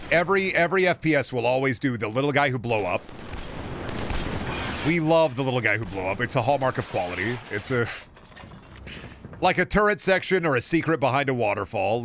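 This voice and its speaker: A man's voice: mid-range voice, noisy background. A man streaming himself playing a game, rambling and joking sarcastically, swearing now and then. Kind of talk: casual gameplay commentary. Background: loud game music.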